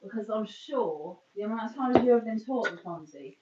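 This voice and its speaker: A woman with a mid-range, animated voice chats casually at a moderate pace while doing her makeup on a live stream, rambling and cutting herself off mid-sentence. The recording is roomy, distant and dull, with heavy background noise.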